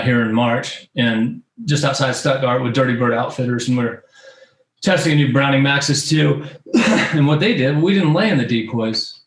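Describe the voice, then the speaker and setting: A man co-hosting a podcast, telling hunting stories in a rambling casual way with many fillers, his voice going a bit hoarse. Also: mid-range voice. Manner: rambling storytelling with many ums. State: losing his voice. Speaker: podcast co-host. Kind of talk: casual chat. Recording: roomy echo.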